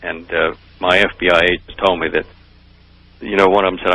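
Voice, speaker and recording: A man's voice: deep voice, level tone, brisk, bright, forceful tone, poor audio. An older man telling his story in an interview, rambling and hesitant with many fillers. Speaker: interview guest.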